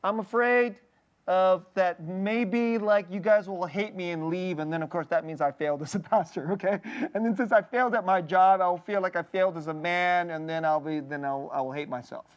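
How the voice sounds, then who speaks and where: A male pastor preaching a conversational sermon in a candid, personal way, often breaking off to restart a thought and checking in with a quick "okay?". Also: sits high, clean tone, muffled recording. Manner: halting, restarting phrases mid-thought.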